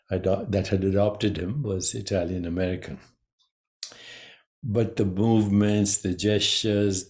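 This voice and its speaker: A man giving a measured, reflective talk on consciousness as a spiritual teacher, pausing between phrases. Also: deep voice, darkish tone.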